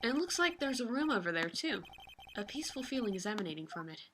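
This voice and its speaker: A woman's voice: a little high, sing-song, fast talker, a bit bright, a little hiss or hum. A woman hosting a let's play, reading game text aloud with playful, sarcastic asides and casual swearing.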